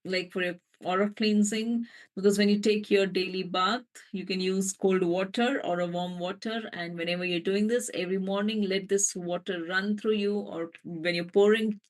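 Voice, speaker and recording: A woman, an energy healer, leading a live guided healing meditation, speaking slowly and gently through spoken affirmations. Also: mid-range voice, fairly even intonation. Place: live online session.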